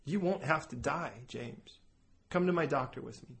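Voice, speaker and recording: A man's voice: medium pitch, moderate pace, gravelly. A man preaching a sermon, telling an illustrative story and acting out both sides of the dialogue. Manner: animated storytelling, switching between characters' voices. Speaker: pastor.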